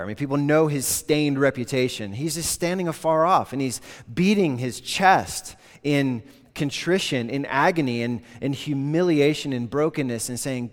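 A man preaching a sermon, earnest and conversational, mid-pitched, acting out the people he quotes. The voice carries a long reverb of a large hall. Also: normal speed. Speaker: pastor.

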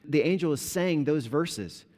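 A man preaching a sermon as a pastor, explaining scripture conversationally and bringing the story to life with lively retellings. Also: on the high side, unhurried. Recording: long reverb of a large hall.

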